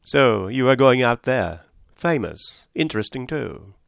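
Man reading as a calm eccentric old doctor. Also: mid-range voice, a little slow, gravelly, clean tone, no echo, clean studio sound, heavily acted. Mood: calm probing. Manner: sententious, imperturbable.

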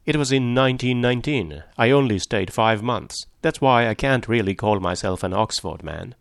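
A man's voice: medium pitch, expressive, normal speed, vocal fry, no room sound, studio quality. A man reading a story aloud, voicing a polite, earnest young man who grows passionate.

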